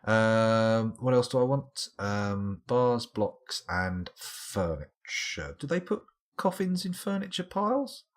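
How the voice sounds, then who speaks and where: A man's voice: mid-range voice, expressive, slow. A British man giving rambling, self-mocking live commentary while playing a game at home, with dry asides. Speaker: let's play streamer.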